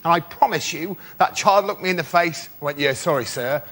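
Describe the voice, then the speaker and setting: A man who was once a teacher, telling a comic story on a TV panel show and acting out shouted mock outrage. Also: high voice, moderate pace. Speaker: comedy panelist, former teacher. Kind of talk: stand-up anecdote on a TV panel show. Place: TV studio with live audience. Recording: loud studio audience laughter, noisy.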